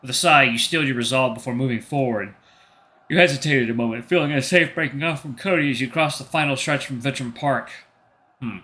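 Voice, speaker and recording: A man's voice: mid-range voice, brisk. A man hosting a gaming channel, reading a story game's narration aloud and commenting casually. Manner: casual reactions between steady narration.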